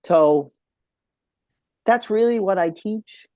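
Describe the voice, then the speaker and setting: A man's voice: high-pitched, slow, a little mellow, no echo. A man speaking as a podcast guest, telling a heartfelt story in an earnest way and repeating key phrases for emphasis.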